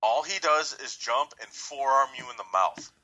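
A man co-hosting a casual wrestling chat, easygoing, with quick agreeing asides. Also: mid-range voice, lively intonation, bright, forceful tone, dull audio. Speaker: podcast co-host.

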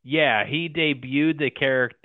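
A man co-hosting a casual podcast, talking haltingly with lots of fillers and frequent laughs. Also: mid-range voice, dry recording. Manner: halting, many fillers and restarts, laughs often. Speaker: podcast co-host. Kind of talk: casual wrestling podcast chat. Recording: tinny phone-like line, dry.

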